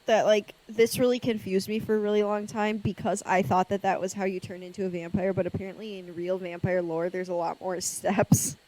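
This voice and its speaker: A woman's voice: mid-range voice, flat delivery, brisk, few pauses, darkish tone, rough recording. A woman co-hosting a podcast in casual chat, sassy and self-mocking, often laughing. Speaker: podcast co-host.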